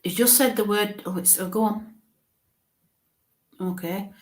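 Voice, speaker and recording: Halting woman in a roomy space. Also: medium pitch. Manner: halting, thinks aloud with frequent restarts. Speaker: psychic medium. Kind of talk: live mediumship reading.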